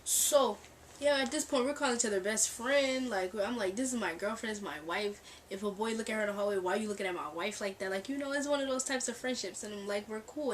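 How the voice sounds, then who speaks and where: A young woman casually telling a storytime vlog, animated and laughing, acting out the lines of the people in her story. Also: medium pitch, far from the mic, a little hiss or hum. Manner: animated, acts out quoted dialogue, laughs often. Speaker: storytime vlogger. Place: bedroom near a street. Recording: mic set back, faint background ambience. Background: cars passing outside.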